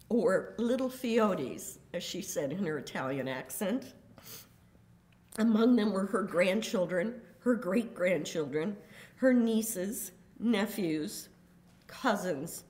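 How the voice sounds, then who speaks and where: An older woman reading a prepared statement in a courtroom, grave and deliberate, with measured emphasis on each word. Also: on the low side, a little mellow. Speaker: victim's daughter giving a statement.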